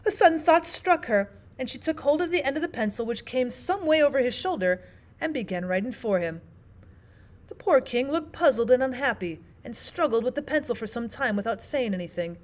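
A woman teacher reading a classic children's book aloud with expressive storytelling. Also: high voice, brisk. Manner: expressive, sing-song storytelling. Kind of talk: audiobook narration.

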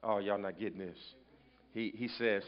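A man preaching a sermon in a call-and-response style, swinging between loud appeals and hushed asides. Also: lowish voice, fairly even intonation, normal speed. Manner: call-and-response preaching, rising and falling intensity. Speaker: pastor. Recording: dull lo-fi sermon recording.

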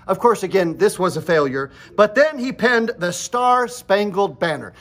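A man's voice: sits high, animated, measured pace, hardly any pauses, a bit bright. A man hosting a comedy variety show in a mock-solemn presenter manner. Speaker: host.

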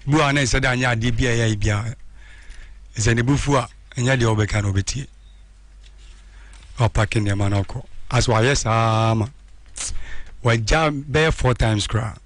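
A man with a Ghanaian accent calling in to tell his story in a calm, plain way. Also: mid-range voice, moderate pace, long pauses. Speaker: caller. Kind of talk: telling a personal story.

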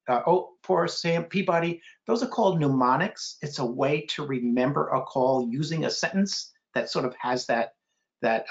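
Through dull audio, a middle-aged man with a gravelly voice reads from a children's picture book. Every so often he livens things up with playful bird imitations, letting out abrupt high-pitched hoots.

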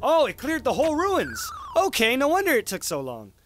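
A man's voice: very high-pitched, huge pitch swings, moderate pace, a little hiss or hum. A young man casually commenting on his gameplay, cursing and mocking himself. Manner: casual, swearing, self-mocking, laughs often. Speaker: let's play host.

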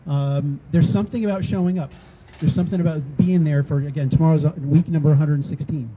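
An older man speaks at an outdoor rally in a dark, mellow voice that sits slightly high. He talks casually, acting out quoted back-and-forth exchanges. Faint background noise comes through. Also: steady tone, quick pace, rough recording. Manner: conversational, acts out quoted exchanges. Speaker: rally organizer speaking at a public event. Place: outdoors on a town green.

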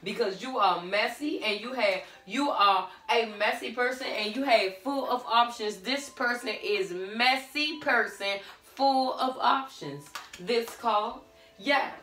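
A woman gives a casual tarot reading in a sassy, blunt way, full of pet names for the listener. Her voice is bright and fairly high. She sits a little away from the mic in a roomy, echoey space. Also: takes it slowly, distant mic, faint music behind. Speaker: tarot reader.

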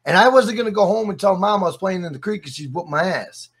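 A man's voice: high-pitched, lively intonation, fast talker, a bit bright, slightly rough. A man in a casual podcast interview, telling stories with energy, swearing freely and repeating his phrases. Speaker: interview guest.

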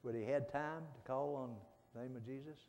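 A middle-aged man, preaching a folksy sermon that swings from soft pleading to loud fervent calls. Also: mid-range voice, fairly even intonation, fairly quick. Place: church sanctuary. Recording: long church reverb.

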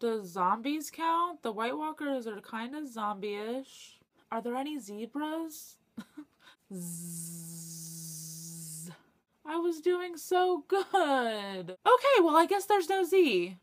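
A young woman chatting to camera for her book vlog, excitable, laughing often and swearing when she gets stuck. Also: sits high, takes it slowly. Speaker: book vlogger. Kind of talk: casual chat to camera.

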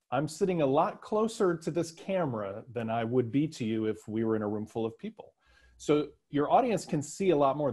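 A man's voice: mid-range voice, mellow. A man presenting a webinar lesson on body movement in virtual meetings, in a conversational explaining tone. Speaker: communication trainer.

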